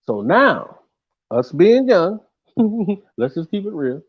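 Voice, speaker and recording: A man telling a tour story in a casual, animated way, full of slang and swearing, who sometimes shouts out the lines he quotes. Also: sits high, takes it slowly, breathy edge, muffled recording.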